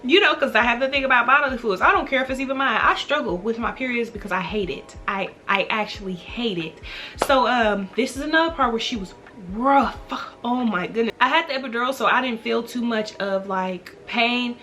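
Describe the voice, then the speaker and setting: Young woman chatting storytime style, bright voice, soft music under it. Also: a little high, fairly quick. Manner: animated, quotes herself in reenacted dialogue. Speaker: vlogger. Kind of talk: casual storytime.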